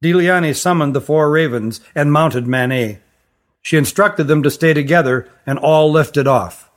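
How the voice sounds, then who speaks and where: A man narrating a fantasy story in an even, careful reading voice. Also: fairly high pitch, normal speed. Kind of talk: audiobook narration.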